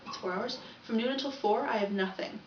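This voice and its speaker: A woman's voice: a little high, fairly quick, a little mellow, recorded from a distance, slight background noise. A young woman rambling through a casual video diary and often correcting herself. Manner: chatty, rambling, self-correcting. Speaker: vlogger. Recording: echoey, dull, from off the mic.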